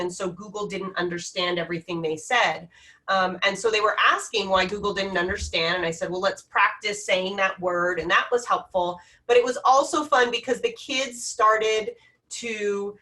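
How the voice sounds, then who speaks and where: A woman's voice: mid-range voice, bright, forceful tone, distant mic. A woman presenting classroom tech tools in a webinar, talking with frequent hesitations. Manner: hesitant, many ums. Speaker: education technology presenter.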